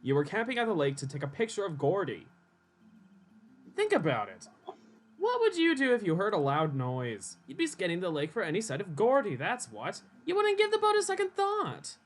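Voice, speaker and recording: Give me a man as an earnest young lawyer pressing a witness, animated. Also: sits high, moderate pace, pitched above the performer's own voice, exaggerated voice. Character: young male defense attorney, earnest.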